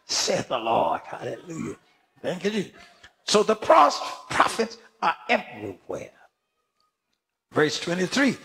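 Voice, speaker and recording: An older man preaching a fervent sermon as a bishop, punctuating his words with praise and shouted emphasis. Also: on the high side, big pitch swings, slow, creaky.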